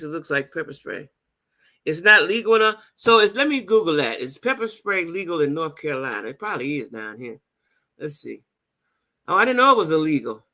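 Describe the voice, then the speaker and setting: A woman's voice: sits low, creaky, sharp tone. A woman hosting a casual livestream, chatting with her audience and reading their comments aloud. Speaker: livestream host.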